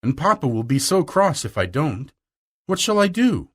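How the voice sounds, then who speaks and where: A timid, slow, kind-hearted schoolgirl in a storybook reading, as a man puts her on. She stammers and hesitates, her voice pushed up high with a lively, rising melody. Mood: earnest. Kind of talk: audiobook reading.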